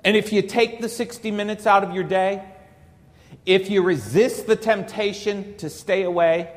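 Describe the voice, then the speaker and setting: High-voiced man preaching in an echoing church. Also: moderate pace. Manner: emphatic, rhetorical, joking. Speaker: Catholic priest. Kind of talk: sermon. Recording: reverberant church hall.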